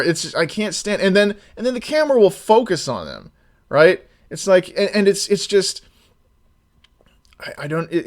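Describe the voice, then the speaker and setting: A man talking casually on a live stream, rambling with many restarts and sometimes getting loud and exasperated. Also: a little high.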